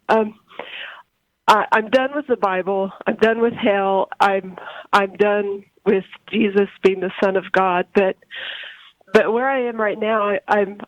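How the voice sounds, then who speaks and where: A woman in her forties calls in over a dull, muffled phone line with a dry, close sound. She speaks haltingly and with emotion, stumbling and repeating words as she searches for them. Her pitch sits in a middle range. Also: dry recording. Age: 40s. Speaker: caller. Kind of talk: call-in conversation.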